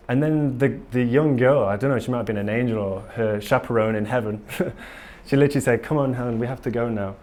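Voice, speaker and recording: A man speaking at a conference, candid and eager, rambling through his points with many ums. His voice sits at an ordinary middle pitch for a man. The sound is a live talk in a hall. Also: darkish tone. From England.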